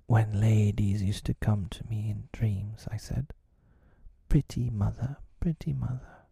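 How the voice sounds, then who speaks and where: Guy whispering as a shy guilty little boy, husky and dark, whispered role-play storybook. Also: fairly low pitch, fairly even intonation, unhurried, no echo, studio quality, full character voice. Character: timid, solemn young boy, shy and guilty.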